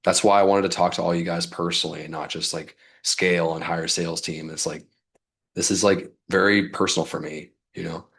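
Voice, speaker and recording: A man's voice: sits low, fairly even intonation, fairly quick, creaky, a bit bright. A man coaching his audience in a casual livestream, loose and fired up, peppering his talk with "like" and mild swearing. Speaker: business coach.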